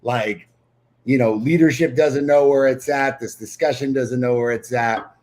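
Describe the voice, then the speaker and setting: A man co-hosting a podcast, telling stories with relaxed humor and slipping into quick voice impressions. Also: mid-range voice. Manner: playful storyteller, mimics voices. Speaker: podcast co-host. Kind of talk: casual chat.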